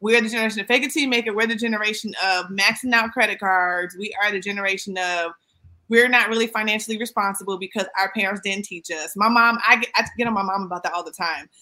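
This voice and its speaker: A woman in her thirties co-hosting a podcast, chatting casually and animatedly with quick asides and playful mock voices. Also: medium pitch, steady tone, bright, forceful tone. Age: 30s. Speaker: podcast co-host. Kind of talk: casual chat.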